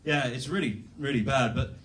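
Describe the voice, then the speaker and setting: A man's voice: mid-range voice, normal speed, fairly bright tone, distant mic. A young British man doing a rambling, self-deprecating stand-up set at a comedy club. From Britain.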